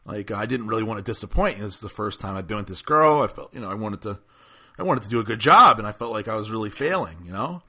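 A man with a bright, forceful voice tells a story on a podcast. He rambles and stumbles through it, piling up fillers in an easygoing, chatty way. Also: lowish voice, expressive. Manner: rambling, halting, many fillers. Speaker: podcast host. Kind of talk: casual storytelling chat.

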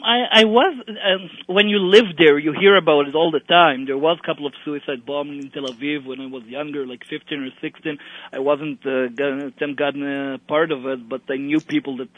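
A young man from Israel, a bodybuilder being interviewed, speaking casually in English with halting restarts and phrasing. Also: mid-range voice, steady tone. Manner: halting, many restarts, plain non-native phrasing. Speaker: guest bodybuilder. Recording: tinny phone-like line, dry.

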